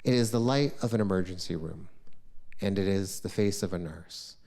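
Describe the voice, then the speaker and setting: Middle-aged guy from the us doing a solo story show on stage, gets loud then drops real quiet. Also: moderate pace. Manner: animated, shifts from loud outbursts to hushed lows. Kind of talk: live solo storytelling performance.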